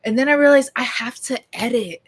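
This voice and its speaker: A woman's voice: a little high, a little fast, breathy edge. A young woman vlogger talking casually to her camera, rambling, swearing and mocking herself.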